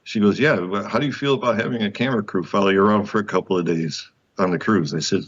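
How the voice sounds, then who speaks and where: A man, a guest author, telling a story in an interview, animated and laughing often as he acts out the dialogue. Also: fairly low pitch, quick pace, few pauses, muffled recording.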